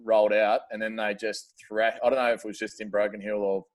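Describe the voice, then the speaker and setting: Australian man, low-pitched, laid-back, slangy, casual podcast chat. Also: flat delivery, fast talker. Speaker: podcast guest.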